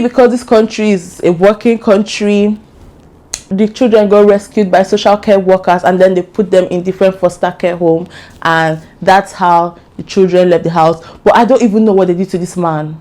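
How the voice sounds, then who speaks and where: A young woman with an African accent tells a true crime story in a casual, chatty vlog. Her voice is mellow and warm at an ordinary pitch. She jumps into little asides and acts out what people said.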